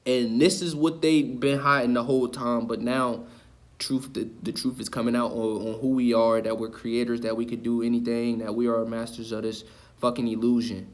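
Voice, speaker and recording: A man's voice: medium pitch, little pitch movement, normal speed. A man ranting to the camera in an impassioned, preachy way, cursing and repeating himself for emphasis. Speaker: online video host. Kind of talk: impassioned spiritual rant.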